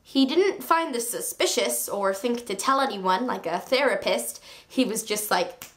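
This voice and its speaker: A woman reviewing a book on her video channel, chatting in a gushing, excitable way with sarcastic asides. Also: a little high, unhurried. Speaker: book vlogger.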